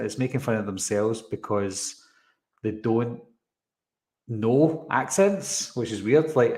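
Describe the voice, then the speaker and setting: A man with a darkish mid-range tone hosts a live stream, casually talking through a trailer. Amid roomy echo, he rambles, slides into tangents and takes time to answer chat comments.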